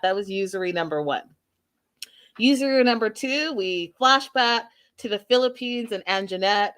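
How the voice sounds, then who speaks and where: Woman host, casual recap chat, bright tone, talks straight to her audience. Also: mid-range voice, clear, resonant tone. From Canada. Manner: chatty, addresses viewers directly.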